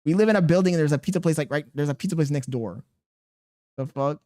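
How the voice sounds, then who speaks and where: A man's voice: on the high side, fast, mellow. A man livestreaming in casual chat, reading his viewers' messages aloud and muttering to himself in an exasperated, profane way.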